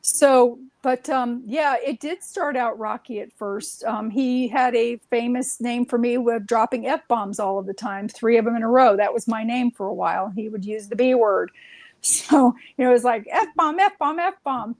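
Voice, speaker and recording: A woman's voice: on the high side, steady tone, moderate pace, a little mellow, dry recording, poor audio. A woman telling stories in a casual, rambling way, full of "um"s and restarts. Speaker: guest. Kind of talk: casual conversational storytelling.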